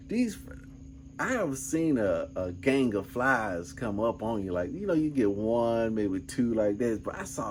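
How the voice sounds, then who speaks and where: A man's voice: mid-range voice, big pitch swings, measured pace, a little hiss or hum. A middle-aged man vlogging, telling a rambling, laid-back story full of asides. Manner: laid-back, rambling, peppered with "man" and "you know what I'm saying". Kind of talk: casual storytelling.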